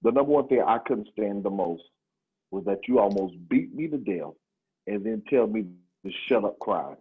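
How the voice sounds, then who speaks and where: Male guest, husky, animated pitch, muffled remote audio. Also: moderate pace. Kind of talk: casual chat.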